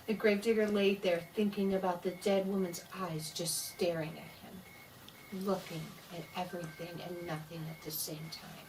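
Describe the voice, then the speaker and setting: Lady reading a ghost story real slow and spooky, mic a bit far off w some hiss. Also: fairly low pitch, flat delivery, darkish tone. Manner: slow spooky delivery with voiced sound effects. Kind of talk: dramatic scary-story reading.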